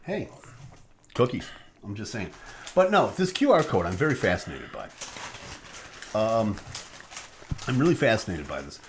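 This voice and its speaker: A man hosts a casual live stream, joking and laughing easily between lines. His mid-pitched voice swings widely in intonation, and faint noise sits beneath it. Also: sing-song, moderate pace, long pauses. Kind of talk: casual chat.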